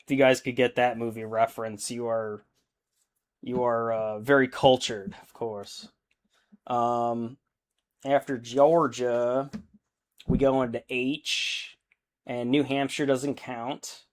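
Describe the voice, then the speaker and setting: A man in his young adult years talks in an unhurried, drawn-out way during a casual live stream, mid-pitched and easygoing. He rambles and thinks aloud while he paints, breaking into laughter often. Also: flat delivery.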